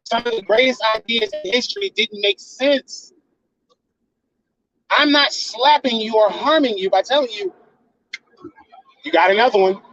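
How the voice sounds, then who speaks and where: Host delivering a heated, profane lecture at a partner; mid pitch, slightly dull lo-fi sound. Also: expressive, moderate pace, fairly bright tone. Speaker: channel host.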